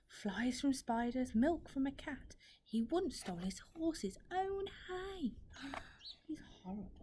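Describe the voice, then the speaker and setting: A young woman, a primary school teacher reading a picture book in a hushed, gentle whisper with asides to a listener. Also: on the high side, a little hiss or hum.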